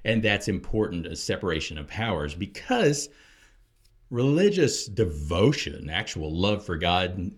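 A man with a very low voice talks through scripture in a relaxed, explanatory way. He leans into key points with emphatic, preacher-like stress. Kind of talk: casual Bible discussion.

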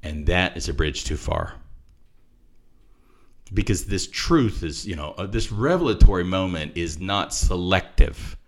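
A man with a low voice that swoops up and down as he talks through scripture in a relaxed conversation. He is animated, breaking into laughter and acting out the people in the passage. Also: a little slow. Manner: animated, acts out quoted voices, laughs often. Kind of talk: casual chat on scripture.

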